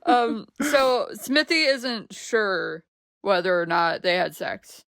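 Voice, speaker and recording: A woman's voice: mid-range voice, fairly even intonation, takes it slowly, vocal fry, fairly bright tone. A woman co-hosting a casual chat podcast, recapping scenes and steering the talk with small giggles. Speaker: podcast co-host.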